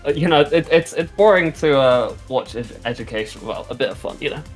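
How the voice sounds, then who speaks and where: A man's voice: medium pitch, expressive, brisk, soft background music. Chatty young man on a podcast. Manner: chatty, rambling, many fillers and restarts. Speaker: content creator guest. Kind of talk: casual podcast interview.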